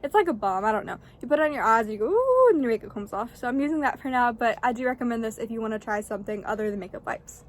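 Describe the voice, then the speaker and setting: A young woman in her twenties talking fast and chatty in a casual unboxing vlog, out of breath from the cold while outdoors in the snow. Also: on the high side. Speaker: vlogger.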